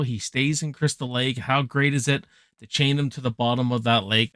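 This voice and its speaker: A young man giving a casual, excited film review, swearing freely and packed with slang. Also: medium pitch, no room sound, clean studio sound. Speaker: movie reviewer.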